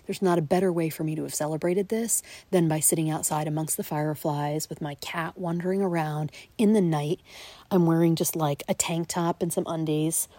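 A woman's voice: sits low, fairly even intonation, normal speed, warm tone, no room sound. A woman in her late forties hosting a solo podcast, talking reflectively and often dropping into a whisper. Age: 40s. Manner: reflective, frequently whispering and laughing. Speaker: podcast host. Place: outdoors in a backyard at night.

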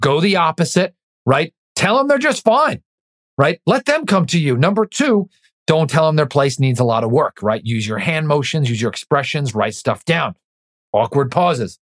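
Emphatic, energetic man coaching listeners. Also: a little high, moderate pace. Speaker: podcast host and real estate coach. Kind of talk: direct-to-listener coaching talk.

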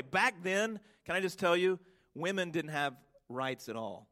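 Emphatic pastor with a higher voice. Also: male voice, expressive, sharp tone. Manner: emphatic, stretches key words slowly, rhetorical questions to the congregation. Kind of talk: sermon.

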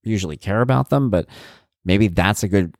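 Deep-voiced man hosting a candid podcast. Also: moderate pace, darkish tone, no echo, studio quality. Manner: reflective, candid, conversational. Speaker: podcast host. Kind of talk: casual personal podcast monologue.

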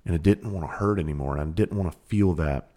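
Southern country guy podcasting, real deep dark voice, cussing and asking you straight up what you're doing. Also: quick pace. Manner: blunt and profane, with rhetorical questions. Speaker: podcast host. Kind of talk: motivational podcast monologue.

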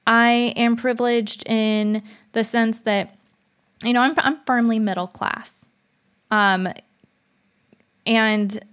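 A woman's voice: medium pitch, clear, resonant tone. A young woman telling a personal story in a casual, frank monologue, chatty with many fillers and restarts. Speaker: vlogger.

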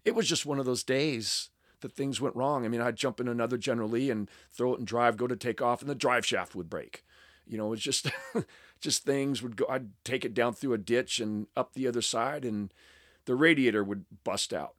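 A man's voice: medium pitch, moderate pace, fairly bright tone, no echo, clean studio sound. A middle-aged man from the United States telling a story to a live fan audience at a panel, amused at himself and acting out the dialogue. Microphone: panel microphone.

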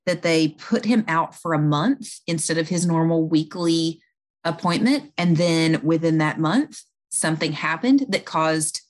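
A woman's voice: low-pitched, measured pace. Earnest woman health worker telling a story. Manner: earnest, explanatory, with frequent fillers and restarts. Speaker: home health clinician. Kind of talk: conversational storytelling.

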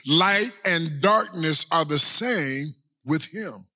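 A male pastor preaches with a gravelly, husky edge to a bright voice that's somewhat high for a man. Animated, he stretches out phrases with long drawn-out pauses and keeps turning to the congregation with repeated rhetorical questions.

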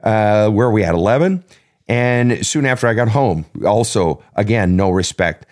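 A man's voice: on the low side, lively intonation, normal speed, darkish tone. A man hosting an advice talk show as a coach, speaking bluntly and emphatically with heavy swearing. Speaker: podcast host and relationship coach.

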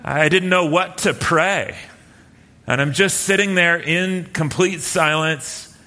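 Pastor guy telling a story in a sermon, bright kinda high voice, big hall echo. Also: takes it slowly. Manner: relaxed, anecdotal, many fillers and restarts. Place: church hall with live and online audience.

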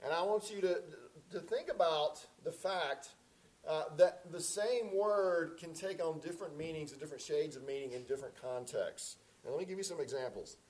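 A man's voice: fairly high pitch, moderate pace, a little mellow, low-quality recording. A man preaching a sermon as pastor in a conversational, folksy way with many fillers.

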